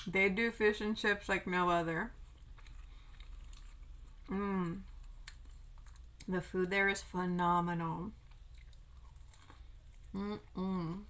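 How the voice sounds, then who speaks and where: A woman's voice: lowish voice, steady tone, slow, long pauses, fairly bright tone, low-quality recording. A young woman chatting casually while eating on camera, telling a travel story and swearing now and then. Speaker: vlogger. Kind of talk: casual mukbang chat.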